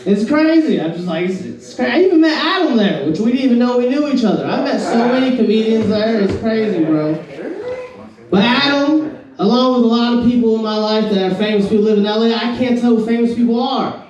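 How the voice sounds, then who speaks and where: A man's voice: very high-pitched, expressive, a little fast, far from the mic, crowd noise. A man from Florida with a Southern accent, doing a rambling, laid-back stand-up set and calling everyone bro. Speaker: stand-up comedian. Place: comedy club stage. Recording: echoey room, mic from afar.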